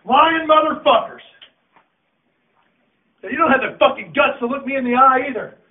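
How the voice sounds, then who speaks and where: A man coaching a high school team, shouting and swearing as he berates his players in a locker room. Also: racing. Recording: echoey, distant, tinny phone-like audio.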